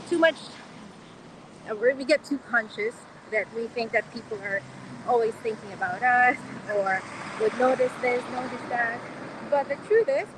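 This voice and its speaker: A middle-aged woman talks to her live audience through a phone as she walks through the city. She rambles in a warm, chatty way, laughing often between thoughts. Street traffic is clearly audible behind her. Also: a little high. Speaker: online coach and live streamer. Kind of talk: casual live stream talk to viewers.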